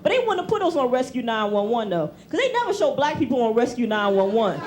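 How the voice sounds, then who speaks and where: A woman doing a stand-up set on a TV club stage, animated and conversational, acting out family members. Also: fairly high pitch, fast talker, crowd noise, background noise. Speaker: stand-up comedian. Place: comedy club stage with audience. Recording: 1990s TV club recording. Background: audience laughter.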